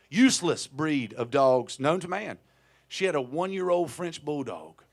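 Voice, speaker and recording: A man in his thirties telling a wry, profane story onstage between songs at a small live music venue, into a stage vocal mic. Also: on the high side. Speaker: touring singer-songwriter telling a story on stage.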